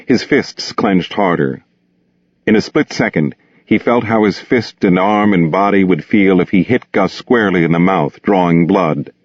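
Grave, low-voiced male audiobook narrator. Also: a little slow, no room sound. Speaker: audiobook reader. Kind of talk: novel narration. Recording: dull, dry close recording.

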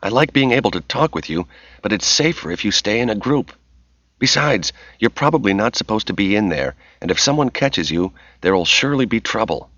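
A man's voice: on the low side, lively intonation, fairly quick, fairly bright tone, no echo, voice pushed up. A man voicing an irritable, anxious woman who snaps and scolds over an earpiece link. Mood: anxious scolding. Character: anxious, bossy adult woman on the line. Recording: slightly dull dry recording.

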